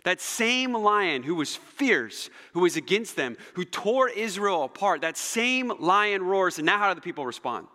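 A male pastor preaching a sermon, telling stories dramatically and swinging between loud emphasis and near-whispers. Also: high-pitched, a little slow, hardly any pauses. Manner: animated, dramatic storytelling with shifts between loud and soft. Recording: long hall reverb.

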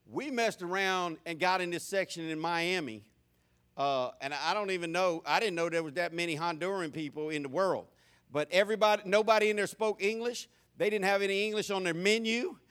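Male preacher, high bright voice, folksy joking delivery, lots of restarts. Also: fairly quick, smooth. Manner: folksy and humorous, with many stammered restarts. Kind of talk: sermon.

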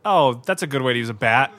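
A podcast host with a mid-range voice talks loosely over a horror film as it plays, a live watch-along. He's excitable, gasping, swearing and laughing out loud at the action, with lots of "like" and "God" filling the gaps.

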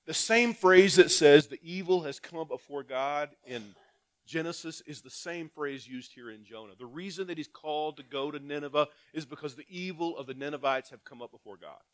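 A male pastor giving a sermon. He reads scripture aloud, asks the congregation rhetorical questions, and swings between loud emphatic calls and quiet asides. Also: a little high, moderate pace.

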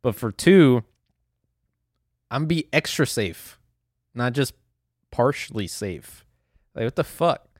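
A man's voice: medium pitch, animated, slow pace, long pauses, no room sound. Young male podcast host, profane rambling solo rant, dry close mic. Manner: profane, rambling, laughs at himself.

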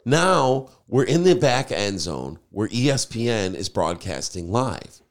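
A man, a podcast host and DJ, telling a story in casual chat, animated and swearing freely. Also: fairly low pitch, measured pace.

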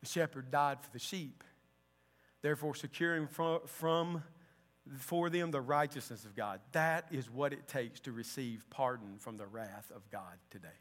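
A man preaching a sermon with passion, moving between loud declarations and hushed lines. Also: medium pitch, moderate pace. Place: church sanctuary. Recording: long church-hall reverb.

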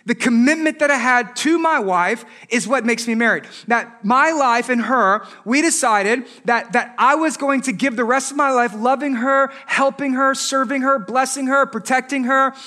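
A married man preaching a sermon as pastor, animated, with joking asides and rhetorical questions. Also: extremely high pitch, normal speed, hardly any pauses. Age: adult, married.

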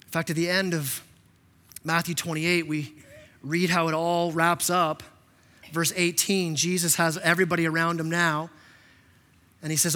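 A man preaching a sermon as pastor, impassioned, often repeating words and acting out quotes in a softer voice. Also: a little high, little pitch movement, normal speed, long pauses. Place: church sanctuary. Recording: long reverb of a church hall.

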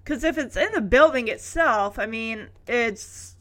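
A woman's voice: a little high, expressive, measured pace, a bit bright. A woman recapping an episode in a casual, chatty way, with wry sarcastic asides.

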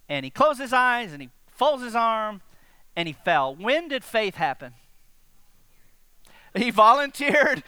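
A man preaching a sermon to his congregation, animated and direct, often asking them questions. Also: high-pitched, clear, resonant tone, dry recording. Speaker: pastor.

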